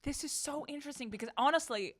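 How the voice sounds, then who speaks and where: A woman co-hosting a podcast in casual chat, expressive and quick with dramatic reactions. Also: high voice, dry recording, clean studio sound. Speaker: podcast co-host.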